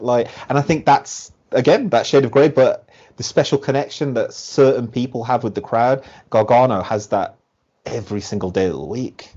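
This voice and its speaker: A man's voice: medium pitch, normal speed, breathy edge. Chatty man, muffled podcast audio. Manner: animated, acts out quotes with "like". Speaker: podcast guest. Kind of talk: casual podcast chat.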